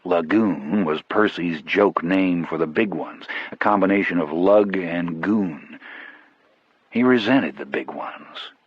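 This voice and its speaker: A man narrating an audiobook in a measured, grave first-person storytelling style. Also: sits low, husky, no echo, highs cut off.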